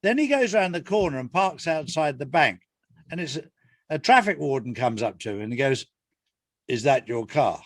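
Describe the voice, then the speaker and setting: A man's voice: a little high, big pitch swings, a little fast, a bit bright, no room sound, studio quality. An older retired Englishman giving an interview in a casual, earnest way, repeating his points for emphasis. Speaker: interview guest, author.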